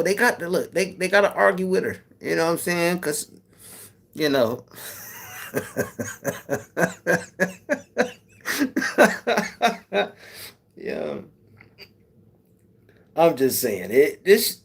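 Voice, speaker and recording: Laid-back man chatting on a livestream. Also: sits high. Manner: laid-back, swearing, laughs often. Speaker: YouTube livestream host. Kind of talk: casual chat with viewers.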